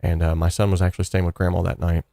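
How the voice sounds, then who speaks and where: A man telling a personal story about his church and guitars, an animated storyteller who voices the people he quotes. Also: low voice, quick pace, gravelly, no room sound, clean studio sound.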